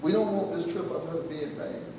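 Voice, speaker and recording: A high-pitched man preaches a testimony, playing out each voice in his story and checking in with the congregation. He sounds distant, caught from across a church hall with a long, booming reverb and a faint hiss underneath. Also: quick pace. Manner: storytelling, acting out dialogue, calls out "you listening?". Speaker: pastor. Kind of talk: testimony sermon. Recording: echoey hall from far off, faint noise.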